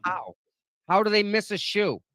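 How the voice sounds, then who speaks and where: Boston-accented male co-host, blunt, punchy delivery, bright dry voice. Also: sits high, moderate pace, dry recording. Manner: emphatic and blunt. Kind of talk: casual chat.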